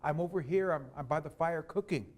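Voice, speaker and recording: A man voicing a quiet slender weaver woman. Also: a little high, fairly quick, natural voice. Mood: timid. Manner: soft and timid, later calm and clear.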